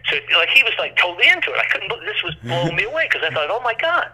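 A man's voice: sits high, sing-song, racing, sharp tone, breathy edge. A man telling a long, rambling story as an interview guest, acting out quoted voices, over a phone line.

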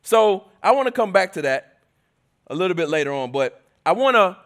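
Male preacher with a high voice, delivering a church sermon in a conversational, emphatic style. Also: very animated, normal speed. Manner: conversational and emphatic, often shifting between loud and soft. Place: church service.

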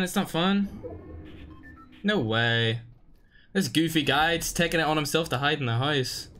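A young man with a Northern Irish accent streaming a game live, reacting loudly and greeting chat in casual slang. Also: high voice. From Northern Ireland. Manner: excitable, slangy, swings between loud outbursts and muttering. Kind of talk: live gameplay commentary with chat shout-outs.

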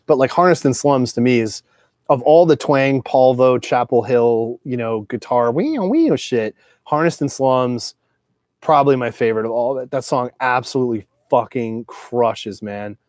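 Steady and darkish at a normal speed, this man's medium-pitched voice is captured with studio quality and no echo. In his forties, he rambles profanely about his records, wandering off topic and padding with filler.

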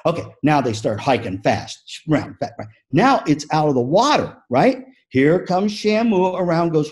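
A man giving a motivational keynote talk on music teaching, an animated storyteller who acts out the story. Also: on the high side, normal speed, hardly any pauses, slightly rough. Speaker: music education speaker.

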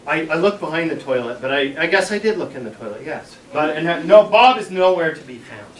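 A man's voice: fairly high pitch, animated, a little fast. A middle-aged man, a school superintendent, telling a playful story to a class of children and acting out the voices. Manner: playful, dramatic, acts out voices. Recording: echoey room, mic far off, children around.

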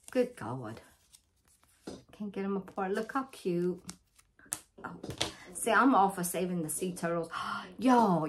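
A woman from Louisiana who runs a crafting channel opens her birthday mail in a casual vlog, gushing and repeating herself as she talks to viewers. Her voice is mid-range, with slight background noise.

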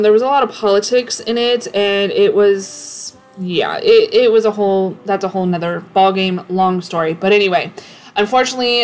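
Woman, 30s, casual emotional mom vlogger, mid-pitched voice, faint music behind. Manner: chatty, emotional, choking up. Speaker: cleaning vlogger, mother. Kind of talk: casual voice-over chat.

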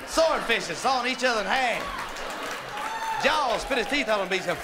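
A male comic with a fairly high voice tells a filthy, rowdy story on stage. The crowd is loud and clear around him, and the old vinyl adds steady hiss and crackle. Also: fast talker. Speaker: stand-up comedian. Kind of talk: crude stand-up comedy. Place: nightclub stage. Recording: live club audience, noisy vinyl.

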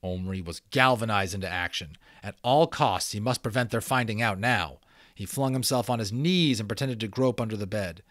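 A man giving a dramatic reading of a children's novel, expressive and adding casual asides. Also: fairly low pitch, normal speed, no echo, studio quality. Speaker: audiobook reader.

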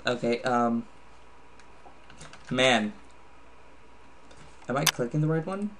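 Tired man muttering drawing-game guesses slowly. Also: mid-range voice, expressive. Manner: muttering guesses, swearing at himself. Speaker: gamer playing online. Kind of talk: casual gaming commentary. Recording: noisy home recording with ticking.

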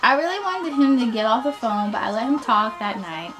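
A young woman telling a storytime vlog, animated and sassy, laughing often, recorded on a laptop webcam at home. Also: on the high side, a little fast, music in the background. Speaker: vlogger.

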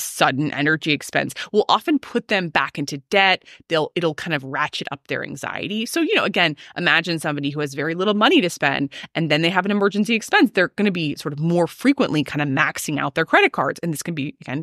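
A woman's voice: fairly low pitch, a bit bright, dry recording, studio quality. A woman hosting a solo podcast, coaching her listeners in an emphatic, ranty way.

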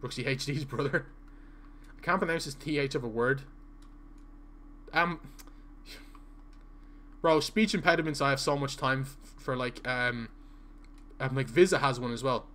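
A man streaming a football video game live, chatting casually with his viewers. He has a stutter and talks in a halting, filler-heavy way, repeating words. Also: mid-range voice, sharp tone. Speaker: gaming streamer. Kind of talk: casual live-stream chat while playing.

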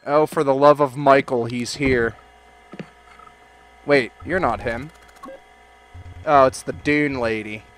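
A man doing let's play commentary, loud and joking, swearing and talking back to game characters. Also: medium pitch, fairly even intonation, takes it slowly, pauses often, slight background noise. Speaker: gaming video creator.

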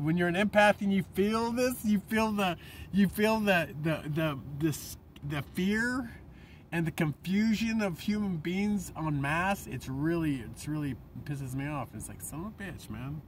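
A man delivering a profane, rambling vlog rant, swinging between loud outbursts and low mutters. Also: a little hiss or hum. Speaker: vlogger. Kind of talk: ranting monologue.

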